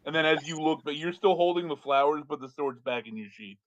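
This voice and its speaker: A man's voice: a little high, brisk, few pauses, muffled recording. A man running a tabletop game as game master, narrating in a restless way full of restarts.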